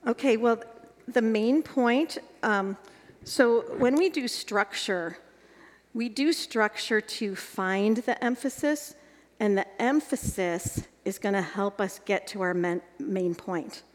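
A woman leads an evening teaching workshop for a group. She guides them through each step and keeps checking whether they follow. Her voice sits at an ordinary middle pitch, and a long reverb trails each phrase as if she is in a large hall. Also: takes it slowly. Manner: guiding, asks the group checking questions. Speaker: workshop leader teaching Bible exposition.

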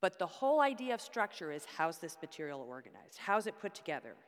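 A woman's voice: on the low side, sing-song, fast. Lady teaching bible class, voice goes up and down a lot, big hall echo. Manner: explains with props and rhetorical questions. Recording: long hall reverb.

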